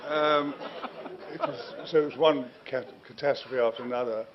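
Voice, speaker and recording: A man's voice: mid-range voice, fairly quick, slight background noise. An older man, a guest telling long, self-mocking anecdotes in an interview and chuckling through them. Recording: dull lo-fi recording.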